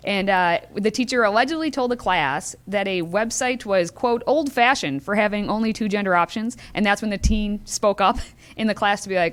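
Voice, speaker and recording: A wry female co-host relates stories with sarcastic asides. Her voice is at a middling pitch for a woman. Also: expressive, normal speed. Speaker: talk show co-host. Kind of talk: political talk show banter.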